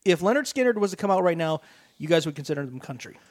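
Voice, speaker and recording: A man's voice: on the high side, sing-song, fast talker. A man co-hosting a sports talk radio show, ranting animatedly in casual chat with frequent restarts. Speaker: radio co-host.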